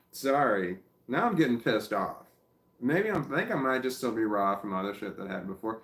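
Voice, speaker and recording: A man's voice: mid-range voice, lively intonation, brisk, a bit bright, reverberant. A man hosting a livestream, reading viewer comments aloud and swearing a lot as he answers them. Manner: swears a lot, flares into angry ranting. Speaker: livestream host reading chat. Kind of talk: casual livestream chat.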